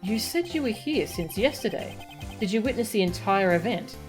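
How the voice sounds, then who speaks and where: A woman voicing a composed, formal male prosecutor who asks measured questions in game dialogue. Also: mid-range voice, lively intonation, music in the background, pitched above the performer's own voice, close to an everyday voice.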